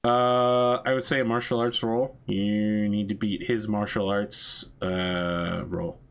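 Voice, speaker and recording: A man's voice: lowish voice, level tone, slow, clear, resonant tone. A man running a tabletop role-playing game, casually explaining rules and outcomes and laughing often. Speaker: game master.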